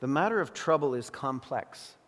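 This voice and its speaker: A man preaching a sermon as pastor, crying out in anguished prayer and then teaching calmly. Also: mid-range voice, normal speed. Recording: long hall reverb.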